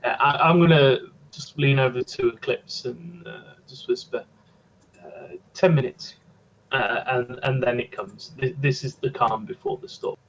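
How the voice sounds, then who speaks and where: A man's voice: medium pitch, moderate pace, creaky. A man playing in a tabletop game, stammering through his turns with many fillers. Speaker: player. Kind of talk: tabletop role-play. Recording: dull lo-fi mic with faint noise.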